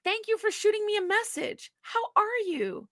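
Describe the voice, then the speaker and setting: A woman voicing a dull adult man, reading his bland text replies aloud in a mocking, flat way. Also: very high voice, normal speed, no echo, clean studio sound, pitched above the performer's own voice.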